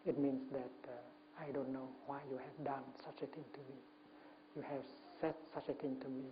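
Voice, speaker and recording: Gentle man giving a slow Dharma talk. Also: mid-range voice, little pitch movement. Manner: slow, gentle, speaks in short phrases with many pauses and fillers. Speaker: Buddhist monk and Dharma teacher. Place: retreat talk before an audience. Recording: muffled lo-fi recording with faint hum.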